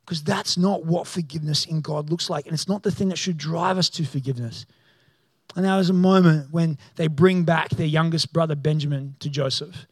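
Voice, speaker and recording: A man, a pastor, preaching a sermon as a storyteller who acts out the people in the story and grows loud and excited. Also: fairly high pitch, moderate pace, breathy edge, dry recording.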